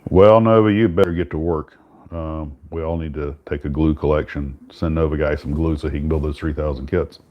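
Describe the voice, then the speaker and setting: Low-voiced man, rambling casual chat. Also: fairly quick, lo-fi sound. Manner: relaxed, rambling with many restarts. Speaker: host.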